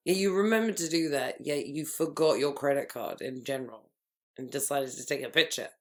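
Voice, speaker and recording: Lively low-voiced woman recapping reality TV. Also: faint music behind. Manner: animated, gossipy, quick asides, laughs often. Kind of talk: casual chat.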